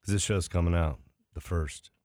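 A man delivering the closing sign-off of a podcast as its host, plugging a live show. His voice is very low and dry, with no room sound around it. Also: fairly even intonation, normal speed, a little mellow, no room sound. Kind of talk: show outro.

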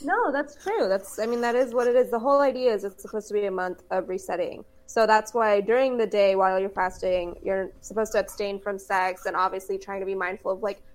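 A woman's voice: medium pitch, fairly quick, few pauses. Woman cohosting a podcast, chatty and explaining stuff, laughs a lot, medium voice. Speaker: podcast co-host. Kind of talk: casual chat.

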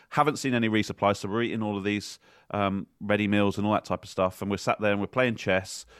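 A man on a podcast telling a story in a measured, scene-setting way. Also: fairly low pitch, no echo, studio quality. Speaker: podcast co-host, former soldier. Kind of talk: casual storytelling chat.

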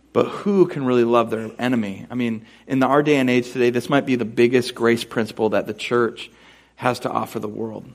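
Preaching in a mid-range voice, a young adult male pastor tells a funny story about himself with lively, self-mocking energy before leading into scripture.

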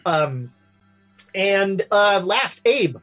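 A man running a tabletop game as game master, narrating haltingly with many fillers and restarts. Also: high voice, animated, a bit bright, faint music behind.

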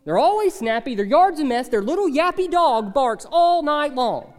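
A man's voice: very high voice, very animated, moderate pace, big-room sound, pitched above the performer's own voice. A man voicing a grumbling churchgoer who pleads and protests in an exasperated way. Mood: complaining. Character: whiny complaining churchgoer, adult man.

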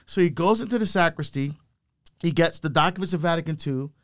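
He's a middle-aged deacon and guest speaker whose voice runs on the high side and moves a little fast. Recounting his life with animation, he performs the voices of those he quotes.

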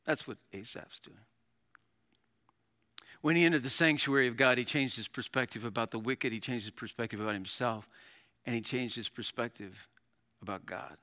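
A middle-aged male pastor preaching a sermon, animated, with dramatic readings and laughs. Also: mid-range voice, moderate pace, pauses often.

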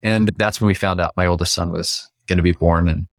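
A man with a low voice shares a personal story as a podcast guest. He is from Canada and he brings quoted lines to life with sudden jumps in pitch. The sound is dry and close, with no room echo. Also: steady tone, a little fast.

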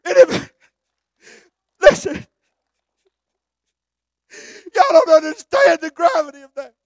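High, gravelly preacher. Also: male voice, very animated, takes it slowly, no room sound. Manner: fervent, shouting, dropping to hushed storytelling. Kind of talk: sermon.

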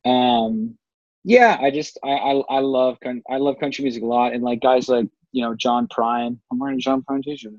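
A man's voice: mid-range voice, moderate pace, darkish tone, dry recording. Man from Canada, rambling, lots of "like", mid-range voice, dry dull recording. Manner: rambling, heavy use of "like" fillers. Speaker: musician guest. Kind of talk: casual radio interview. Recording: dull lo-fi sound.

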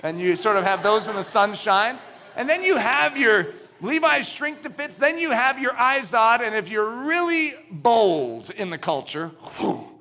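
A man preaching a sermon, telling stories with animation and building to emphatic shouts. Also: sits high. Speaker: pastor.

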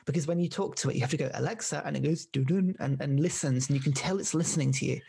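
A man's voice: medium pitch, racing, vocal fry, a little mellow, breathy edge. A man co-hosting a podcast, joking wryly and laughing often in casual chat. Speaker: podcast co-host.

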